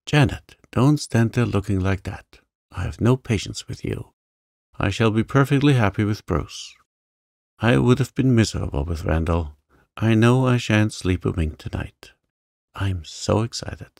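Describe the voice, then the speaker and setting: A man voicing a spirited, quick-tempered young woman who speaks sharply and dismissively. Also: lowish voice, expressive, vocal fry, darkish tone, no echo, clean studio sound. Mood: excited, scornful.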